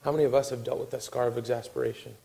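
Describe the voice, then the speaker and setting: Animated male preacher with a mellow voice. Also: medium pitch, rapid-fire, creaky, rough recording. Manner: animated storytelling, acting out quotes, dropping to a soft hush. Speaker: pastor. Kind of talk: sermon.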